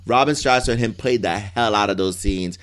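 A man co-hosting a casual chat, gushing and animated, quick to act out characters in little bursts. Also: lowish voice. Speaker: soap opera fan co-host.

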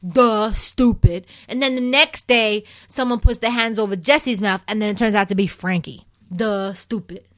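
A woman's voice: a little high, brisk, few pauses, fairly bright tone, dry recording. A chatty, opinionated woman who hosts a recap show and keeps addressing her listeners as "people.". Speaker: soap opera recap host. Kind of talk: casual chat.

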